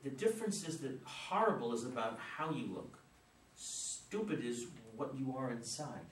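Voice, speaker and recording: A man playing a flustered but loving father in a community play reading, fumbling for words and then soft and soothing, recorded from a distance in a roomy space. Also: mid-range voice, sing-song, normal speed, close to an everyday voice. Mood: defensive. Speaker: actor in a community reader's theater. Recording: roomy, distant mic with faint noise.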